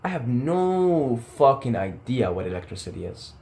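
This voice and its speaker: A man's voice: medium pitch, very animated, moderate pace, mellow. A young man talking casually to camera in a passionate, rambling rant full of swearing and tangents. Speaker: vlogger.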